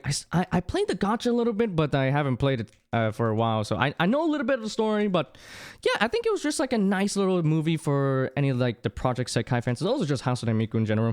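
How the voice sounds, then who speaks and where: A young adult livestreamer chatting casually with viewers, rambling and excitable, with many restarts. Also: mid-range voice. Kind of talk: casual chat with stream viewers.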